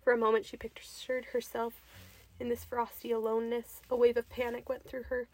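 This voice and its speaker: A woman reading a short story aloud in an expressive, unhurried way. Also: on the high side.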